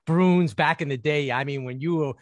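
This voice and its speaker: A man's voice: fairly high pitch, moderate pace, dry recording. Chummy male interviewer, dry sound. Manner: chummy, short interjections, loose repeated questions. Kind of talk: casual interview chat.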